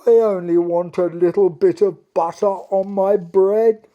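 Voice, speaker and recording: A man's voice: sits high, fairly even intonation, measured pace, mellow, dull audio, pitched above the performer's own voice. A man voicing a fussy, childish old king who whines and whimpers, in a storybook reading. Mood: whiny. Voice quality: whining, whimpering.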